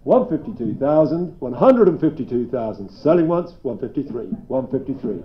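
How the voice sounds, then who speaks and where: A man's voice: mid-range voice, very animated. A man working as an auctioneer, rattling off bids at a live property sale with playful banter. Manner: brisk bid-calling with playful banter. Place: auction room. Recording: dull lo-fi live stream sound.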